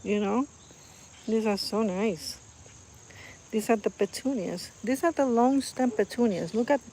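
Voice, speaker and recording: A woman's voice: mid-range voice, dark tone, slight background noise. A woman chatting casually while filming her garden on a phone, rambling with fillers and gushing over the flowers. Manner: admiring and gushing. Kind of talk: casual vlog chat. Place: outdoor garden. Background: crickets and insects outdoors.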